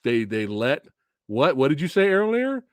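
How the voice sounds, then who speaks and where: A man hosts a loose, casual movie review chat, swearing freely and breaking into laughter between rants. His pitch swings widely from low mutters to high exclamations. The sound is dry and close. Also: moderate pace, dry recording. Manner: profane, excitable, laughs often, rants. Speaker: host of a movie review channel.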